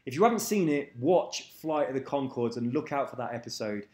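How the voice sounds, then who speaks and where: A man's voice: medium pitch, expressive, fairly quick, a little mellow. Guy rambling on casually at home, swears a bit, mid voice, roomy echo. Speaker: video commentator. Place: at home, moving away from the mic.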